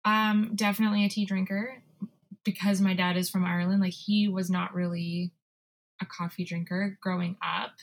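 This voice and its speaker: Young female co-host with a husky, fry-tinged voice; rambling, giggly banter. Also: medium pitch, level tone, moderate pace. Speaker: podcast co-host. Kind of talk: casual chat.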